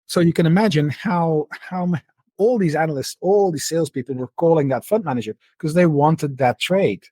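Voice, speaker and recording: Husky man telling a story with restarts. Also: on the high side, normal speed, no echo. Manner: repeats words and restarts often, relaxed storytelling. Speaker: podcast guest, market analyst. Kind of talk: conversational interview.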